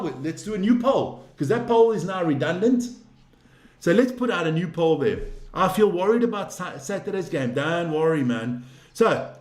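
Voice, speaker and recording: A man hosting a casual live stream, rambling, swearing freely and getting excitable. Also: high voice, roomy sound.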